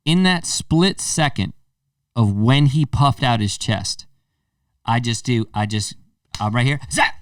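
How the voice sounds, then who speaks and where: A man's voice: medium pitch, slow, no echo, clean studio sound, far from the mic. A man in his thirties hosting a podcast, telling a story casually and acting out the voices in it. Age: 30s. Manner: animated storyteller, acts out quotes. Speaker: podcast host.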